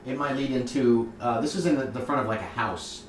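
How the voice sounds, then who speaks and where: Game master, male, halting delivery, distant mic in an echoey room, faint background noise. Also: mid-range voice. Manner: hesitant, many ums and restarts. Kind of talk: narrating a tabletop game.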